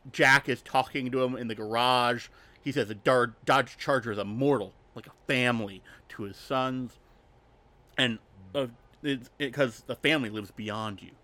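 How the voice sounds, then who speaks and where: A man's voice: mid-range voice, pushed and bright. Rambling, joke-filled male podcast host. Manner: rambling, filler-heavy, joking recap. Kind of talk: casual chat.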